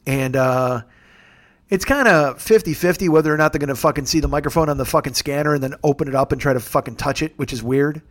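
A man with a slightly high voice rambles through a comedic podcast monologue. He talks casually and sarcastically, swears freely, and often stops to correct himself. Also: quick pace, fairly bright tone. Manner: profane, rambling, sarcastic storytelling. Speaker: podcast host. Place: rented home, recording on travel.

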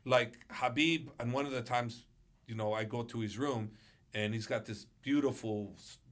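A male martial arts coach tells stories as a podcast guest in a bright, ringing voice. He is animated and acts out the quotes with big jumps in pitch and volume. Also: moderate pace. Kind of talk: storytelling on a podcast.

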